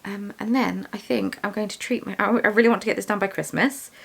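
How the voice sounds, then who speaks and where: A young woman talks casually over her bead weaving and drifts from one thought to the next. Her mid-pitched voice has some gravelly fry in it, and she teases herself as she goes. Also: steady tone, brisk. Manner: rambling, self-deprecating, chatty. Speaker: vlogger, yarn dyer and shop owner.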